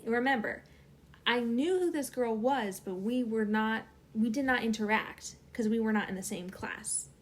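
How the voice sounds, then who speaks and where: A woman's voice: a little high, moderate pace. A young adult woman, a channel host, telling a personal story casually with many fillers.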